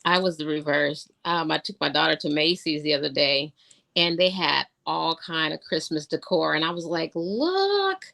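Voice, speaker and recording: A woman chatting casually on a video call, talking in an excitable, gushing way. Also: sits low, normal speed, gravelly. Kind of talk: casual chat. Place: home, remote video call.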